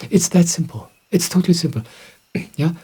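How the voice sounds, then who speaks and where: A middle-aged man, a spiritual teacher, calmly answering questions in a gentle, reflective way. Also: fairly high pitch, normal speed, husky. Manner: gentle, reflective, soft-spoken. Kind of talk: calm satsang answering questions.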